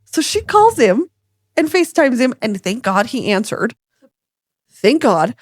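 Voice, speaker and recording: Animated woman co-host telling stories. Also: measured pace, husky, no echo, studio quality. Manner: animated storyteller, acts out quotes with big pitch jumps. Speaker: podcast co-host. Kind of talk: casual chat.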